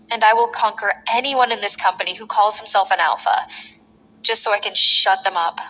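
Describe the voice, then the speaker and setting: A woman's voice: a little high, bright, forceful tone. A woman voicing an arrogant, brutal male wrestler who taunts and boasts. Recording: echoey long reverb.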